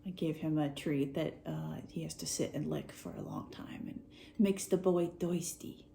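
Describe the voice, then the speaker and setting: A woman's voice: deep voice, fairly even intonation, normal speed, vocal fry, mellow, a little hiss or hum. A young woman chatting casually and joking while crafting at home with a friend. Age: young adult. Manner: playful, jokey, laughs often. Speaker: vlogger. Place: home, indoors.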